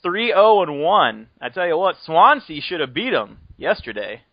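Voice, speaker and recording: A man's voice: high voice, sing-song, moderate pace, no room sound, highs cut off. A man hosting a podcast, chatting casually and joking around, laughing often as he rambles. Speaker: podcast host. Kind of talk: casual chat.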